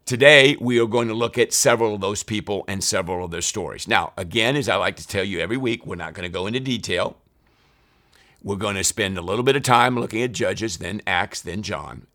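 A man's voice: fairly low pitch, fairly bright tone. A man teaching a weekly Bible study lesson, earnest, repeating key phrases and dramatizing the scripture he quotes.

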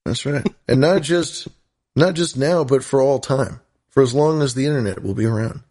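A man co-hosting a podcast in loose, rambling chat. He goofs around and jokes at an ordinary, mid-range pitch. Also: normal speed, a little mellow. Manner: goofy, rambling. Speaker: podcast co-host. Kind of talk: casual chat.

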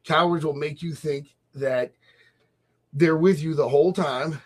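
A man hosting a casual faith talk show, animated and laughing often as he acts out little voices. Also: on the high side, measured pace. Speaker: host. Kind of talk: casual radio chat about faith.

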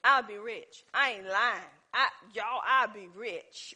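A woman delivers a sermon in a high voice, talking straight to the congregation as "y'all". Her tone is bright and ringing. She moves from easy conversational storytelling into loud, impassioned exhortation. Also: measured pace, few pauses, husky. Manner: conversational preaching that builds to impassioned calls; informal, addresses the congregation as y'all. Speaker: preacher.

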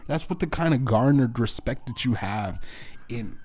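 A man hosting his own show, delivering a bitter, profane rant that swings between loud outbursts and low muttering. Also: animated, normal speed. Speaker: podcast host. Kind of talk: angry personal rant.

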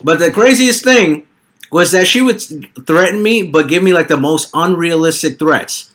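Casual young male podcast host, a little high-pitched, talks in halting restarts. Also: a bit bright. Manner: rambling, halting, full of restarts.

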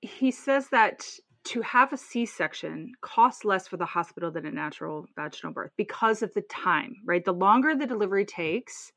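A woman's voice: mid-range voice, lively intonation, normal speed, few pauses, fairly bright tone, dry recording. A woman co-hosting a podcast, talking frankly and bluntly in casual chat. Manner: frank and outspoken, swears when indignant. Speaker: podcast co-host.

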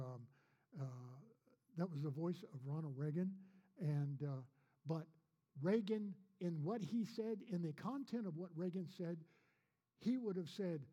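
A man's voice: high-pitched, dark tone. A man preaching a sermon as pastor, folksy, with repeated rhetorical questions.

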